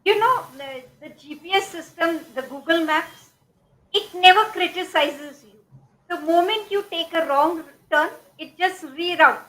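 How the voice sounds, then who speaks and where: A middle-aged Indian woman speaks as an interview guest in a high, clear register. Her tone is bright and crisp. She lays out motivational ideas in a measured, explaining way, leaning on examples and quotes. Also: low-quality recording. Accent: Indian English. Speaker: guest speaker, life coach.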